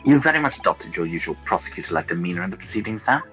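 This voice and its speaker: A man reads a polite young defense lawyer from a game, quick and lively in pitch with a lowish voice. Faint game music plays behind. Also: rough recording. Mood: earnest.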